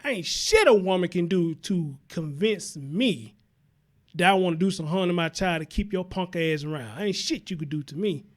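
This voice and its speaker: A man's voice: high voice, lively intonation, normal speed. A man hosting a live-stream commentary show, talking bluntly and heatedly with heavy cursing while he greets viewers. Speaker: talk show host.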